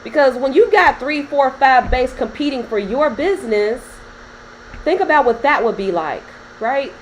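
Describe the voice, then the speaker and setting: A woman's voice: sits high, animated, moderate pace, slight background noise, low-quality recording. A woman coaching on business credit in a casual talk to camera, chatty and laughing often as she addresses viewers directly.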